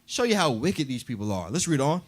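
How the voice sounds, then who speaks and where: A man teaching a Bible class in a preaching style, lively and acting out quoted voices as he explains. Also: medium pitch, fairly quick. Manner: animated, acts out voices in quotes.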